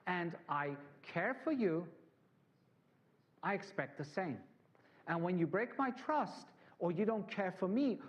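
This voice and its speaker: A man's voice: high voice, darkish tone, muffled recording. A man from England, giving a conversational conference talk full of anecdotes and asides to the audience. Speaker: conference speaker.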